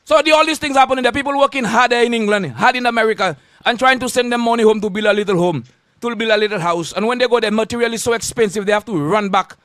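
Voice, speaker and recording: A man's voice: extremely high pitch, fast talker, fairly bright tone, dry recording, clean studio sound. A man with a Saint Lucian accent, a radio host delivering a confrontational on-air rant full of insults and repeated warnings.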